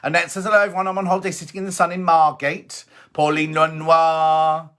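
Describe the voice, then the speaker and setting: A man's voice: high-pitched, fairly even intonation, racing, bright, forceful tone. A middle-aged man hosting a casual live stream, chatty and teasing as he reads out viewers' messages. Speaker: host.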